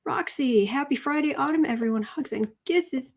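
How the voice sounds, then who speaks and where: Brief: middle-aged woman, livestream host, a bit high-pitched, chatty and rambling. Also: normal speed, slight background noise. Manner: chatty, rambling, greets chat viewers by name. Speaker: tarot reading livestream host. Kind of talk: casual livestream chat.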